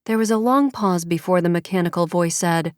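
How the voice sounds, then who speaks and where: A woman narrating an audiobook in a measured storytelling way. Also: fairly low pitch, no echo, clean studio sound. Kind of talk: scripted narration.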